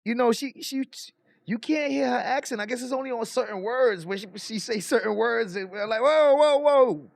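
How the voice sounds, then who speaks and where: A man hosting a casual reaction stream, chatty and excitable, reacting to trial footage. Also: very high voice, brisk, vocal fry, dry recording. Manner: excitable, chatty, laughs often.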